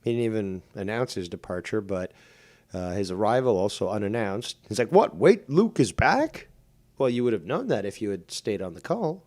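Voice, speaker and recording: A man's voice: on the low side, expressive, fairly quick, a little mellow. A man hosting a casual online show, reading out viewer comments with wry, dry commentary. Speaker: host.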